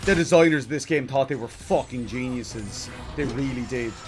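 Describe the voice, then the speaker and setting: A man's voice: medium pitch, normal speed. A man streaming a game live, ranting in exasperation and swearing at his chat. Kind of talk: live let's play commentary. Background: game music.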